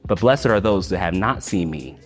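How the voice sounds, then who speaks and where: A man voicing a calm, gentle risen teacher who speaks in a measured, unhurried way. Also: low voice, voice pushed down. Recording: long hall reverb, faint music.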